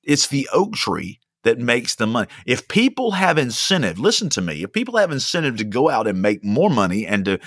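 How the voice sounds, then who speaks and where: A man's voice: mid-range voice, sing-song, brisk, hardly any pauses, fairly bright tone, no room sound, clean studio sound. A young man preaching a sermon as a pastor, emphatic and fond of repeating lines for stress. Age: young adult.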